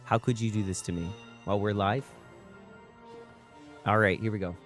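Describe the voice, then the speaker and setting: Playful low-voiced man chatting on stream. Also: fairly even intonation, normal speed, a bit bright, soft background music. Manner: rambling, playful, reads out chat. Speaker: livestream guest streamer. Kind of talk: casual livestream chat.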